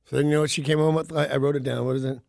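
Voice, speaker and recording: A man's voice: a little high, flat delivery, very fast, creaky, a little mellow, no room sound, studio quality. A man hosting a radio show, telling rambling stories in casual banter and laughing often.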